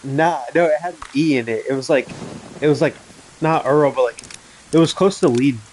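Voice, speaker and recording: A man's voice: on the high side, normal speed, a little mellow, a little hiss or hum, low-quality recording. A young man chatting casually with a friend while gaming, rambling with many fillers, laughing and swearing. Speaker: gamer. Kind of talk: casual chat over voice chat.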